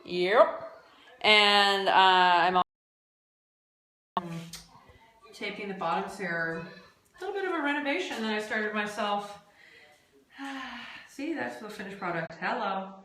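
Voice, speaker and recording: A woman's voice: mid-range voice, animated, takes it slowly, pauses often, pushed and bright. A woman chatting casually on a phone livestream from home, rambling with many fillers. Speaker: athlete hosting a livestream. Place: room at home. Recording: roomy home recording.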